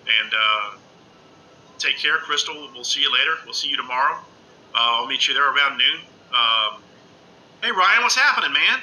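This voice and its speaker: A middle-aged man chatting casually on a live stream from home, rambling excitedly and calling everyone "man" with lots of uh's. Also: a little high, poor audio. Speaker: ghost-hunting live streamer. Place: indoors at home under a lamp.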